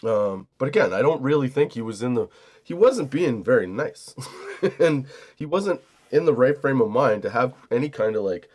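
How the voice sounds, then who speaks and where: A man's voice: mid-range voice, animated, moderate pace, darkish tone. A young man hosting a comedy podcast, telling a story in a profane, casual way and laughing often. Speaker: podcast host.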